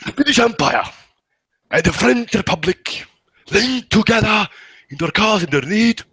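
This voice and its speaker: A man putting on a pompous dictator speech as a joke, with long dramatic pauses. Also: high voice, animated, pushed and bright, husky, no echo, full character voice. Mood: mock oratory. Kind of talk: comic speech impression among friends.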